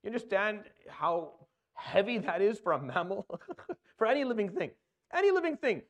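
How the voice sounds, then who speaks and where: A man gives an earnest religious talk in a slightly high voice. He circles back over his points, repeating phrases and putting questions to his listeners. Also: expressive, normal speed. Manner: earnest, repetitive, rhetorical questions. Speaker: Islamic preacher.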